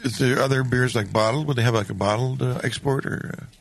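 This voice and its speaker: A man's voice: mid-range voice, fast, vocal fry, dry recording. A middle-aged man co-hosting a casual brewing talk show, asking short curious follow-up questions. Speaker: podcast co-host. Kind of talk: casual chat.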